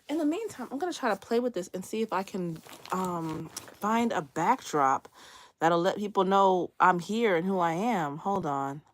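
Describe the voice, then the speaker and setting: This is a woman with a drawl, livestreaming from her bedroom to her viewers. Her voice sits a touch low. She talks in a loose, chatty way, often breaks into laughter and drives her stories with lively energy. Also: a little slow, slight background noise. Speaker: livestream host. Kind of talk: casual livestream chat. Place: bedroom near closet, indoors.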